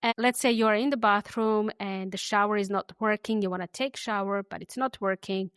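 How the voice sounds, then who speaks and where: A woman hosting an English lesson podcast, friendly and easygoing, who says example phrases slowly and repeats them for listeners to copy. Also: medium pitch, fairly even intonation, fairly bright tone, clear, resonant tone, no room sound, clean studio sound. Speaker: English teacher and podcast host.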